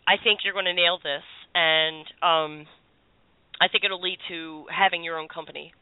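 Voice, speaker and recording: A woman's voice: fairly low pitch, fairly even intonation, normal speed, clean tone, no room sound. Chatty woman radio host, tinny sound. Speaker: radio show host and psychic. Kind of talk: call-in radio talk.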